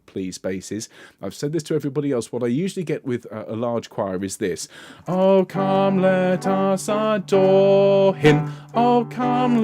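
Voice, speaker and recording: A middle-aged man coaching a bass section, patiently explaining and singing lines to show how they go. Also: a little mellow, no room sound. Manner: demonstrates sung phrases between spoken instructions; encouraging, patient. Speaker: choir director. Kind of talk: choir rehearsal coaching.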